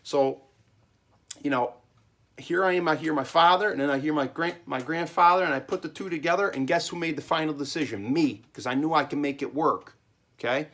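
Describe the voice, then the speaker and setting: A man's voice: a little high, fairly quick, a bit bright. Man, small business owner, casual vlog; emphatic rambling advice, keeps checking in, recorded in a home cellar.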